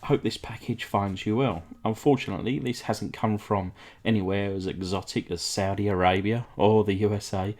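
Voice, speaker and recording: A man's voice: lowish voice, fairly even intonation, normal speed, hardly any pauses, darkish tone. A man from England hosting a casual hobby vlog, chatty and rambling, with lots of ums and uhs. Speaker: diecast restoration channel host.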